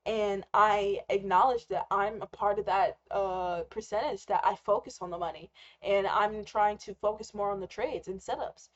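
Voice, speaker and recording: A woman's voice: mid-range voice, fairly even intonation, moderate pace. Candid young woman ranting, slightly muffled. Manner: candid, rambling, swears freely. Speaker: trader and vlogger. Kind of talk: unscripted live rant.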